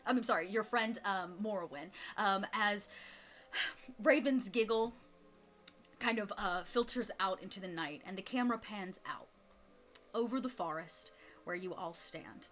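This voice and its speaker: A woman narrating a tabletop role-playing game as game master, soft and unhurried, with frequent fillers. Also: mid-range voice, soft background music.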